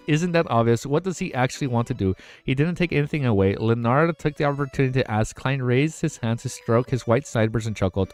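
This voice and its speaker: A male streamer reading a web novel aloud on a livestream. He stumbles over words and breaks off into excited, profane reactions. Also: mid-range voice, a little fast, few pauses, dry recording, faint music behind.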